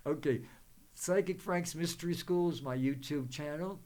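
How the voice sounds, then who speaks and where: A man hosting his own psychic show, rambling through spiritual advice full of fillers and restarts, with gentle affirmations and blessings for viewers. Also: on the high side, moderate pace.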